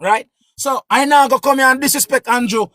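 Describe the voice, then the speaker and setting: A man with a Jamaican accent hosting a livestream, talking casually to his viewers in an animated, repetitive way. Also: very high voice, fairly quick, dry recording, clean studio sound. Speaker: livestream host.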